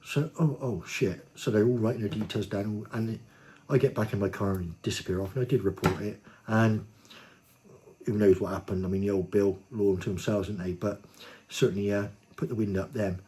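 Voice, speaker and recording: A man telling a personal anecdote in a blunt, cheeky, casual way, growing animated when he quotes himself. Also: on the low side, a little fast. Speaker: storyteller.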